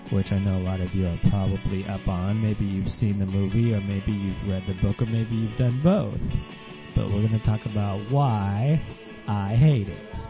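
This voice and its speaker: A man hosting a solo podcast rant, sarcastic and dismissive, and sounding a bit under the weather. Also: fairly low pitch. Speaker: podcast host.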